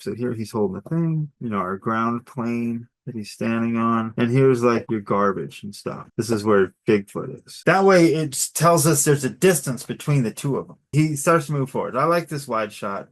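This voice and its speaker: A middle-aged man giving a relaxed, encouraging storyboard critique in a casual, conversational way. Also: medium pitch. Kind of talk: casual critique over drawings.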